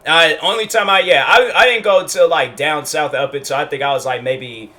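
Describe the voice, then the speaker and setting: Young man, bright tone, casual storytime vlog, rambling delivery. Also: fairly high pitch, moderate pace. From Washington State, US. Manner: rambling, lots of fillers and restarts. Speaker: YouTuber.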